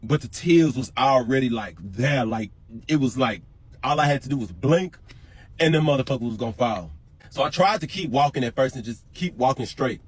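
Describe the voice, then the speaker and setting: A man's voice: medium pitch, expressive, moderate pace, breathy edge. A man telling a personal prison story in an emphatic, profane, repetitive way. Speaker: storyteller in a reacted clip. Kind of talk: emotional storytelling.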